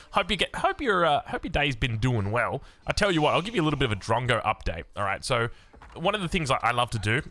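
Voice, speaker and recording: An Australian man casting a strategy game in upbeat, chatty commentary, his voice a little raspy from being sick. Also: medium pitch, pushed and bright. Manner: upbeat and chatty, with many fillers and restarts. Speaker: game caster.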